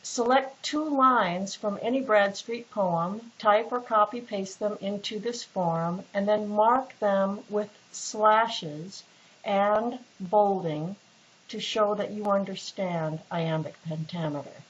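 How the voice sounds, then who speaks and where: A woman's voice: medium pitch, takes it slowly. A woman instructor giving a casual, patient recorded lecture with many fillers and restarts. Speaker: literature instructor. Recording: dull lo-fi recording with faint hiss.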